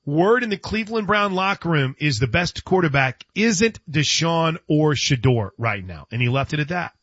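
A man's voice: fairly high pitch, lively intonation, normal speed, fairly bright tone, no echo, dull audio. A man hosting a sports radio show, chatting casually and often restarting his sentences. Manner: chatty, stumbles and restarts, laughs.

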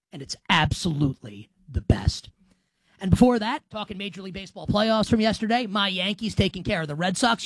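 A man in his thirties hosting a casual sports talk show, rambling and animated, full of "like" fillers. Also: high-pitched, no echo. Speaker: podcast host.

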